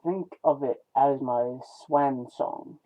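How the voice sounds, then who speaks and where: A weary male robot warrior looks back on his lost world, voiced by a man reading a comic aloud. He speaks slowly and solemnly and stumbles over the odd name. The voice sits a little high, and it comes through thin and phone-like. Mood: somber. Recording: tinny phone-like lo-fi sound.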